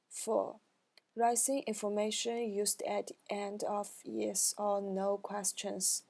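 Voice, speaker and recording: Young woman student, class recap, slow, flat, creaky, halting non-native phrasing. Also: medium pitch.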